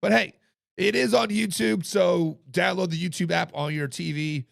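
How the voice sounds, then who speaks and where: A man hosts a casual sports talk live stream, chatting with viewers in the chat. His voice sits high and is heavily gravelly and hoarse. The recording is dry and close. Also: steady tone, normal speed, no echo. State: hoarse from coaching. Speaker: podcast host.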